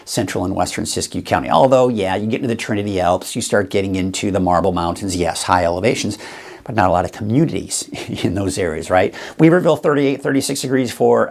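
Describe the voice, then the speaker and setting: Gravelly-voiced man giving a chatty forecast. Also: lowish voice, a little mellow. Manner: chatty, explains as he goes, addresses viewers directly. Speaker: TV weather forecaster and show host. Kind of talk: casual live weather forecast.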